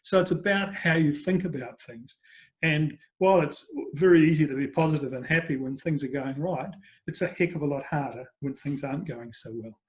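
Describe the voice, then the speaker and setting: An older man, speaking as a business coach in a relaxed interview. His voice sits a bit higher than most men's, and he tells stories in a chatty, rambling way full of fillers. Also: a little fast. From New Zealand. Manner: chatty anecdotal storyteller, frequent fillers. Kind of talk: conversational interview storytelling.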